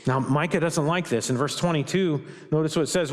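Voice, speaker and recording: High-voiced preacher in a reverberant church. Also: male voice, fairly quick, hardly any pauses. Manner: emphatic, asks the congregation rhetorical questions. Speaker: pastor. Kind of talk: sermon. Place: church sanctuary.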